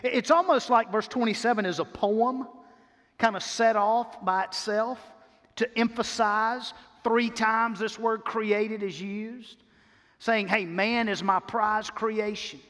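Male pastor, high voice, emphatic sermon delivery with repeated phrases, church hall reverb. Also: fairly even intonation, fairly bright tone. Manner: emphatic preaching with repeated phrases and slowed key words. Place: church sanctuary.

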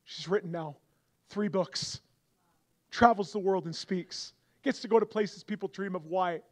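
A young adult man preaching a revival sermon, moving from quiet storytelling to loud, impassioned appeals. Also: unhurried. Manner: builds from soft storytelling to loud, high-pitched fervor.

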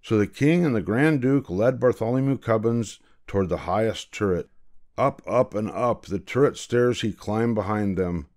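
An older man, a grandfather, reading a picture book aloud in a gentle, measured way. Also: on the low side. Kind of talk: storybook read-aloud.

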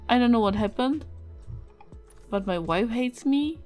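A Czech-accented woman giving casual let's-play commentary, excitable, swearing and yelping at the game. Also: on the high side, unhurried, long pauses, faint music behind. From Czech Republic. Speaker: gaming video creator.

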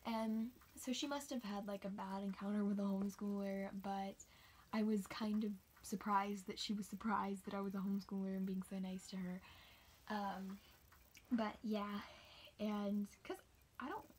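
A woman's voice: medium pitch, flat delivery, normal speed, darkish tone, slight background noise. A young woman telling a casual, rambling story about her race, sometimes dropping into a whisper. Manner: chatty, rambling, drops into whispers. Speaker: homeschooled cross-country runner.

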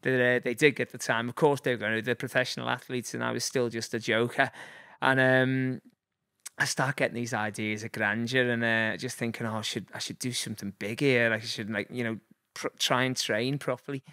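A Liverpool man in his forties, appearing as a guest, tells rambling anecdotes packed with fillers and chuckles. His mid-range voice is sharp in tone, a little fast, and fairly even in intonation. The studio-quality recording has no room sound.

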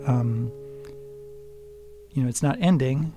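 Slow-talking older man teaching guitar. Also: medium pitch. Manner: unhurried, chatty, counts beats aloud, sings lines softly. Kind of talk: casual guitar lesson with singing. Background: acoustic guitar playing.

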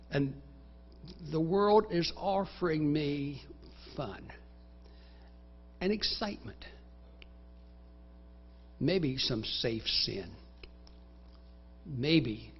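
Slow, gravelly-voiced preacher. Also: male voice, on the high side, animated, lo-fi sound, slight background noise. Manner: dramatic, acts out inner voices in first person; recites scripture in slow, measured phrases. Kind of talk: sermon. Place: church sanctuary.

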